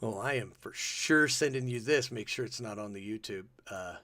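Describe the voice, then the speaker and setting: Excitable podcast host dude, bright voice, laughs a lot, dry mic. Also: male voice, lowish voice, moderate pace, no echo. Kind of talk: casual chat.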